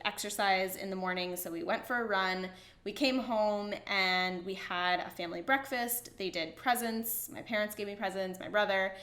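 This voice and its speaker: A young woman vlogger telling a personal story in a gushing, excited way, full of "like" fillers. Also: mid-range voice, echoey room. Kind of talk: casual storytelling to camera.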